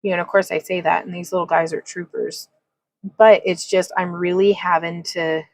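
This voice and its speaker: A woman's voice: fairly low pitch, little pitch movement, moderate pace, no room sound, poor audio. A woman hosting a casual craft livestream, talking through a wire-wrapping demonstration in a chatty, rambling way, laughing often and reading chat comments aloud. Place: home craft room.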